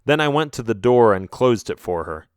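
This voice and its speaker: A man reading a children's ghost story aloud as an audiobook narrator, telling it in an expressive storytelling manner. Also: mid-range voice, normal speed, clean tone, no room sound, clean studio sound. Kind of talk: scripted narration.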